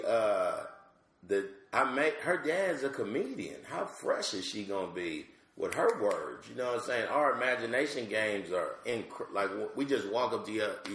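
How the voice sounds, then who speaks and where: A middle-aged male comedian telling animated, slangy stories as a podcast guest. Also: fairly low pitch, a little hiss or hum. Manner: animated, slangy, lots of asides. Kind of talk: comic storytelling on a podcast. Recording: roomy echo.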